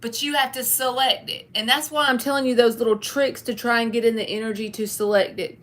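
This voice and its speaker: A woman's voice: fairly high pitch, fairly even intonation, brisk, fairly bright tone. A woman, giving a candid, folksy live tarot reading. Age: 30s. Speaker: tarot reader.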